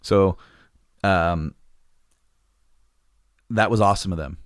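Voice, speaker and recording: A man's voice: deep voice, takes it slowly, dry recording, studio quality. A man telling a long personal story in casual chat, rambling and restarting sentences, laughing often. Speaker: podcast guest telling a story.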